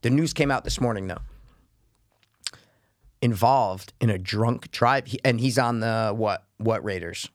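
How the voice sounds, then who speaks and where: A man co-hosting a podcast in casual chat, animated and profane, with constant agreeing interjections. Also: fairly low pitch, a little slow, pauses often, no room sound, studio quality. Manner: profane, animated, lots of affirmations. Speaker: podcast co-host.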